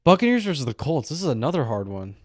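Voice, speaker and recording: A man's voice: a little high, big pitch swings, fast, dry recording, studio quality. A young man co-hosting a casual sports podcast, laid-back and swearing casually. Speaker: podcast co-host.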